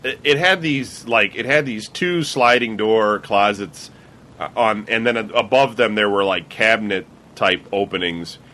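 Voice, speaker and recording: A man hosting a casual chat, telling an animated spooky story from his childhood. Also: fairly low pitch, unhurried. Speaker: podcast host.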